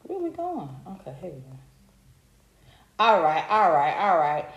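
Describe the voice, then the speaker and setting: A woman with a lowish, sing-song voice speaks a little slowly, her highs cut off, as she hosts a live stream. She talks straight to her viewers in casual commentary that turns into a heated, profane rant. The room sounds echoey.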